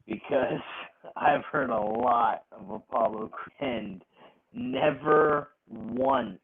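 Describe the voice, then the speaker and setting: Podcast co-host, male, gravelly and husky, slow and profane, tinny phone-line audio. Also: mid-range voice. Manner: profane, animated, laughing rants. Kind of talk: casual wrestling chat.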